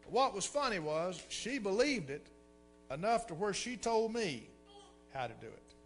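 Animated preacher telling a story. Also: male voice, high-pitched, measured pace, soft background music. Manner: folksy, animated storytelling with repeated words. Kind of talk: sermon storytelling.

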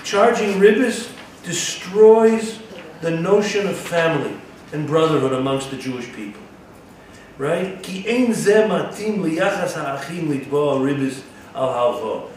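A man's voice: fairly high pitch, expressive, measured pace. Man teaching a text in an echoey room. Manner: reads a Hebrew text aloud and translates it; asks rhetorical questions to the listeners. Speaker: Torah teacher. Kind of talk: text-study lecture. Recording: echoey room, distant mic, faint background noise.

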